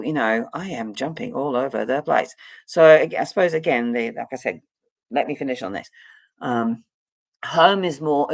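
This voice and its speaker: A woman's voice: rumbling low, creaky, no echo. Middle-aged woman, casual vlog chat, rambling, lots of ums and restarts, dry close sound. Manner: rambling, many fillers and restarts. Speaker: psychic medium and counselor.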